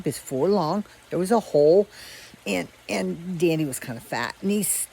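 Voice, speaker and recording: A woman telling a children's story aloud in a relaxed, conversational way with frequent restarts. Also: fairly low pitch, moderate pace, gravelly, breathy edge, rough recording. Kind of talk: casual oral storytelling.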